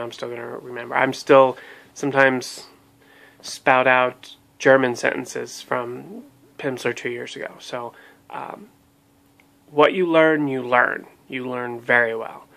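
A man's voice: mid-range voice, level tone, measured pace, gravelly, fairly bright tone. A man giving a casual spoken review of a language course, talking with many fillers and restarts. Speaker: language learning blogger.

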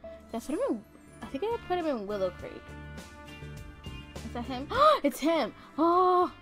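High-voiced woman chatting over gameplay. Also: very animated, unhurried, a bit bright. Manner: chatty, giggly, exclaims often. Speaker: gaming YouTuber. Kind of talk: casual let's-play commentary. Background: faint game music.

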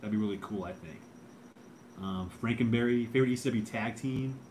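A man's voice: medium pitch, brisk, darkish tone, slight background noise. A man in his thirties hosting a casual livestream, reading out chat and rambling with lots of fillers and repeated words.

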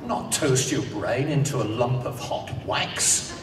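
A man reciting comic verse and nursery-rhyme parodies with dry, deadpan delivery at an unhurried pace. He is heard from afar in a long, echoing hall. A clear rumble runs underneath. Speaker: comic performer. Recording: echoey hall from a distance, rumbling noise.

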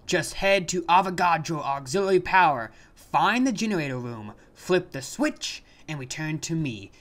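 A man's voice: on the high side, sing-song, normal speed, fairly bright tone. A man voicing a boastful, theatrical male mad scientist in a comedic game playthrough, with manic cackles and grand proclamations. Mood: grandiose. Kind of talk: comedic fan voice-acting over a game.

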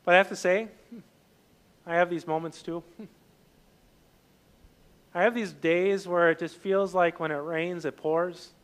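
A man giving a sermon as a pastor, talking conversationally with many fillers and restarts, lively when acting out scenes and quiet when personal. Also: measured pace, long pauses. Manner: animated and loud when voicing the disciples, quiet and low when personal.

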